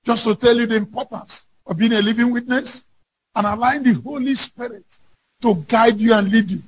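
A man preaching a fervent sermon, reading scripture slowly and with emphasis, and rising to shouts on key lines. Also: very high voice, fairly even intonation, slight background noise.

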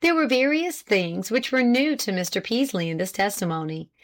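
A woman narrating a period novel in a measured, even storytelling voice. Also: medium pitch. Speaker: audiobook narrator. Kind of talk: scripted narration.

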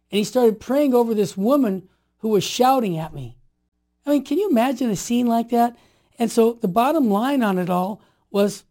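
A man in his sixties telling stories in a conversation, emphatic and animated, sometimes building to forceful outbursts. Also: very high voice. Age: 60s. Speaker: interview guest. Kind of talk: storytelling conversation.

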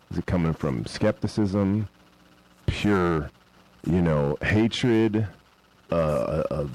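A man hosting a casual commentary, talking in a relaxed, rambling way before playing clips. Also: low voice, low-quality recording. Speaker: host introducing clips.

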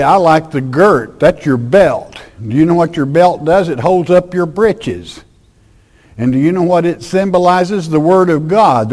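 A man preaching a folksy, emphatic sermon, swinging between loud declarations and hushed asides. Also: on the high side.

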